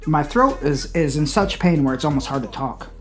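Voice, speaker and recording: A man casually reviewing a hot sauce on his channel, blunt and profane, with loud exclamations. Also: on the high side, lively intonation, moderate pace, faint music behind.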